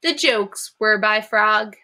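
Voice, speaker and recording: Gentle kind possum a woman reads, slow, soothing. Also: mid-range voice.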